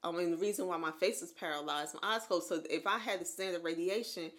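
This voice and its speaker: A woman in her thirties co-hosting a podcast, telling her own story in casual chat, animated and laughing often. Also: fairly low pitch, fast talker. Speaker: podcast co-host.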